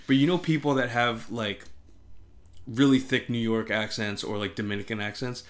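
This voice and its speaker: A man casually telling a story and chatting on a podcast, animated, says "like" constantly and swears a lot. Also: medium pitch, normal speed.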